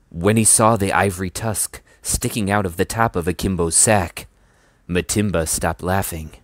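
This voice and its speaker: A man reading a children's novel aloud in a measured, even way. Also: low voice, no echo, studio quality. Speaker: storybook reader.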